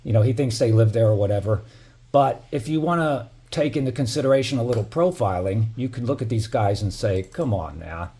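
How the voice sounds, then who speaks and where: A middle-aged man, a building resident, narrates security footage in a casual vlog. His warm, medium-pitched voice moves fairly quickly as he tells the story heatedly, swearing and peppering it with "you know."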